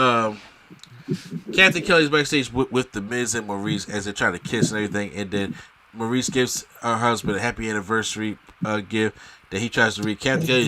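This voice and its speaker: A man's voice: on the low side, sharp tone. A man co-hosting a casual wrestling review podcast, recapping the show and laughing often. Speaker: podcast co-host.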